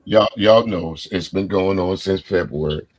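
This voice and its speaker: A man hosting a casual live stream chat show, talking in a laid-back, drawn-out way and chuckling often. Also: low-pitched, no echo.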